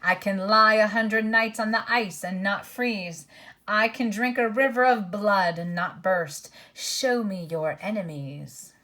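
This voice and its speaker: A woman voicing a hungry, menacing werewolf in a dull, flat, slow delivery. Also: medium pitch.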